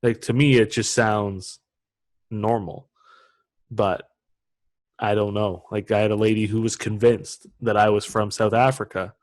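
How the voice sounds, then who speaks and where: A man's voice: on the low side, little pitch movement, a little slow, no echo. A young Canadian man with an Ontario accent, hosting a podcast interview in a loose, chatty way full of filler words. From Canada (London, Ontario). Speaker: podcast host. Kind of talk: casual interview chat.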